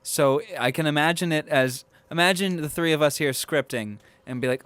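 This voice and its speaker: Casting: male podcast co-host, smooth clear voice, dry close sound, rambling and chatty. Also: fairly high pitch, moderate pace, few pauses, fairly bright tone, no echo. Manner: rambling, thinks aloud with restarts. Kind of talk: casual film discussion.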